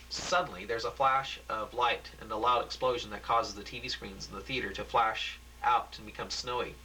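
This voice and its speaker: A man narrating stage directions from a homemade script. He reads haltingly and restarts often. His voice sounds bright and tense. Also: lowish voice, fairly even intonation, a little hiss or hum, low-quality recording. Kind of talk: reading a homemade script aloud.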